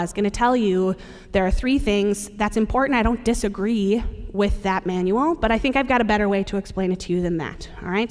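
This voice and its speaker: A woman giving a conference presentation, talking to the audience in a conversational, humorous way. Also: mid-range voice. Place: large conference hall. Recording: long reverb of a large hall.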